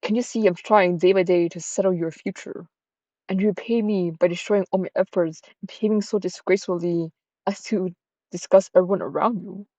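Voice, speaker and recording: A woman's voice: on the low side, fairly even intonation, a little fast, warm tone, no echo, lightly acted. A woman voicing a stern, bitter widowed mother who scolds her grown daughter harshly. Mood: scolding.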